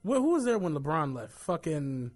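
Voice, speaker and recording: A young man talks on a podcast, his voice pitched high for a man and swinging widely as he tells stories. He acts out the lines of people in his stories and swears freely. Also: moderate pace, soft background music. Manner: animated storytelling, acts out quotes, swears freely. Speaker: podcast co-host. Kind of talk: casual chat.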